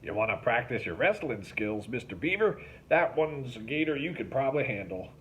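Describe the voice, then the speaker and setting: A man's voice: mid-range voice, big pitch swings, moderate pace, fairly bright tone, voice pushed up. A man voicing a blunt, outspoken middle-aged father who speaks with a wry edge. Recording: slightly dull recording with faint hiss.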